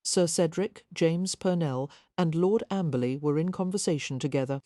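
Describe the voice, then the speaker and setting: A woman narrates an audiobook in a measured, even way. Her voice is low and dark. The recording is close and dry. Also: no room sound. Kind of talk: scripted narration.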